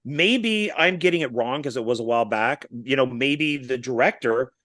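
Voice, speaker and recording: A man of middling pitch talks through films as a podcast co-host, acting out scenes and quoting lines with easy enthusiasm. The recording is dry and close, with no room sound. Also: normal speed, no echo. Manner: animated storyteller who retells scenes with quoted lines and small laughs. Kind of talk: casual film chat.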